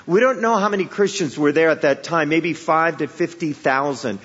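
Speaking at a normal speed with hardly any pauses, a Chicago-area guest preacher tells funny, conversational stories in his sermon and poses rhetorical questions to the crowd. His voice is fairly high, fairly bright and husky. The hall is echoey and the sound dull.

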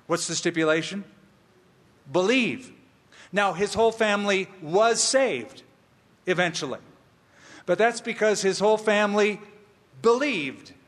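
A man preaching an expository sermon, emphatic and slow, with playful asides. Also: high voice, animated, a bit bright, big-room sound. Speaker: pastor.

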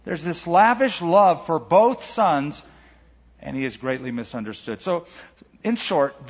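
A man's voice: mid-range voice, breathy edge. A male pastor preaching a sermon in an earnest, emphatic way in a church auditorium. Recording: echoey hall, dull lo-fi sound.

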